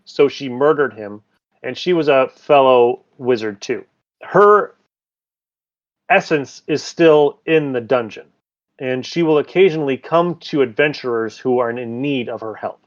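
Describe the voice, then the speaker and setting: A man's voice: mid-range voice, highs cut off. A man running a tabletop game as dungeon master, narrating loosely with jokes and restarts. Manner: casual, joking, loose narration.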